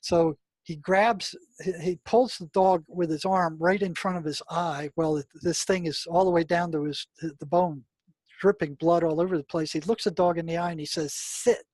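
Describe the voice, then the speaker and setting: A man's voice: on the high side, fairly even intonation, normal speed, a little mellow, dry recording. Older man, dry emphatic storyteller. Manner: emphatic storyteller, many "I mean" and "you know" fillers. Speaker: guest, retired mental health practitioner. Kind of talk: storytelling interview talk.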